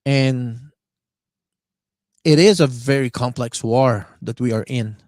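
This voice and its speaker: Male internet radio host, mid-pitched, dry close mic, rambling and halting delivery. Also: a little mellow, dry recording. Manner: halting, many fillers and word searches. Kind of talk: live-stream monologue.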